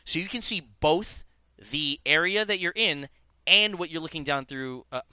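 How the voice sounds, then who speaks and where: Young guy rambling about a game, bright tense voice, dry close mic. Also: a little high, moderate pace, smooth, no echo. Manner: rambling, many fillers and restarts. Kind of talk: casual chat.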